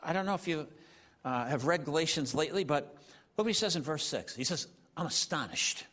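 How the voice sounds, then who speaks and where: A man preaching a sermon in an animated, conversational way, often saying "you know.". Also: on the high side, a little fast. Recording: long hall reverb.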